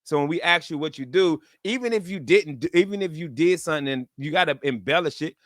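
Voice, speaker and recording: A man's voice: fairly high pitch, lively intonation, fast talker, dry recording, clean studio sound. A man co-hosting a comedy radio show, laughing hard and talking in loose slangy banter. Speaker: radio co-host.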